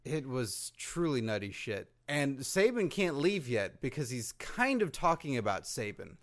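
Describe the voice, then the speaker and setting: A man's voice: medium pitch, big pitch swings, unhurried. Wisecracking male podcast co-host. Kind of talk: casual chat.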